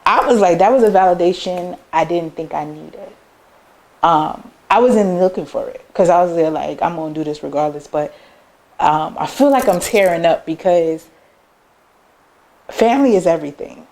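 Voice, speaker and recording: A woman speaking in a somewhat low register, telling stories about her business and family in a conversational interview. She talks loosely, with many fillers, and slips into quoted voices to act out what others said. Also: moderate pace. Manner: animated, acts out family members' words in quoted voices; loose conversational phrasing with frequent "like" and "um". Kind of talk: personal storytelling in an interview.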